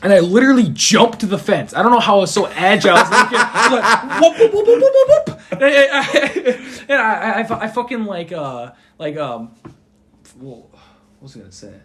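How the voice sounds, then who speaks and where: A young man guest on a podcast, telling a story in a loose, excitable way, swearing often and acting out the people he quotes. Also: high-pitched, normal speed. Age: young adult. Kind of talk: casual storytelling.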